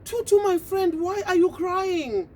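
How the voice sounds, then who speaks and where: A woman's voice: extremely high pitch, animated, unhurried, a little mellow, a little hiss or hum, voice pushed up. A woman voicing a kind, helpful male pigeon in a children's story, eager and reassuring.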